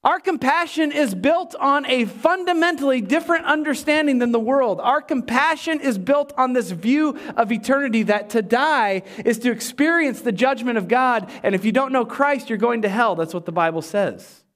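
A pastor delivering a sermon, emphatic and animated, with humorous asides to the congregation. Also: male voice, extremely high pitch, normal speed, hardly any pauses.

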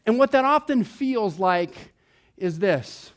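A man preaching a sermon, playful and animated, acting out his own thoughts and dropping to a hush on scripture. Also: sits high, slow. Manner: animated, playful, mimics himself and others, drops to a hushed tone on scripture. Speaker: pastor.

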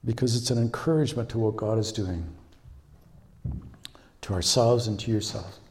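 An American man from California preaching a sermon as a visiting speaker, telling stories in an encouraging, animated way and repeating key phrases. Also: on the low side, moderate pace.

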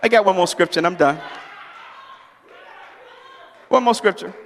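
High bright preacher man, shouting sermon with long church echo, chatty stories in between. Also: moderate pace, long pauses. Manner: preaching, rising to shouts at climaxes; storytelling, casual asides. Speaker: pastor.

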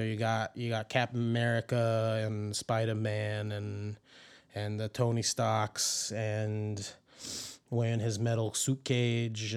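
A man with a cold and a sore throat, ranting excitably about far-fetched conspiracies on a comedic podcast. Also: mid-range voice, clean tone. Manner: excitable, ranting, earnest mock-conspiracy talk. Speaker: podcast co-host playing a conspiracy theorist. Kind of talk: comedic improvised podcast bit.

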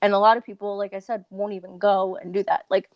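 A woman's voice: mid-range voice, flat delivery, no room sound, muffled recording. A woman from Long Island, a guest in an interview, talking in an earnest, chatty way. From Long Island, New York. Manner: earnest, talkative, with quick laughs. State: uses a wheelchair. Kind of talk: casual interview talk.

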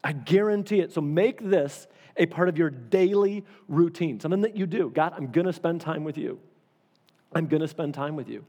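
A male pastor preaches a sermon in a casual, conversational style, often repeating phrases for emphasis. His voice is on the high side with a dark tone at normal speed, and the recording carries long hall reverb.

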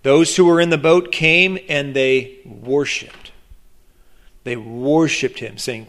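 A man preaching a sermon in a slightly high voice. He is animated and acts out the people in his story, and he often stops and restarts a sentence before going on. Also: slow pace. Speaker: pastor.

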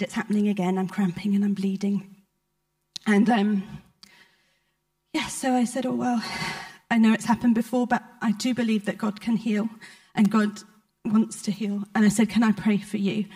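A woman preaching in church, telling a personal testimony in a heartfelt, conversational way with frequent pauses. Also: medium pitch, darkish tone. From United Kingdom. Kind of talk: sermon storytelling.

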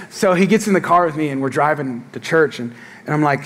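A man's voice: on the high side, fast, slight background noise. A middle-aged male pastor preaching a sermon, telling jokes and stories and calling out to the congregation. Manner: animated, joking storytelling to the congregation.

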